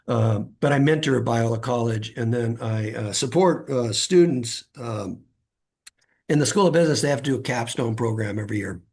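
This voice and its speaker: Gravelly man telling stories. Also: mid-range voice, normal speed, a little mellow. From California. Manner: anecdotal, acts out quoted voices, frequent fillers. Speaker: guest author. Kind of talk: storytelling interview.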